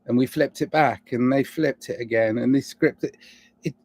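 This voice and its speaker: A man's voice: mid-range voice, a little mellow, no echo. A man talking alone in a rambling, reflective monologue, asking himself question after question, with a noticeable accent. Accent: non-standard English accent. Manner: rambling, musing, asks himself many questions. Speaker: vlogger.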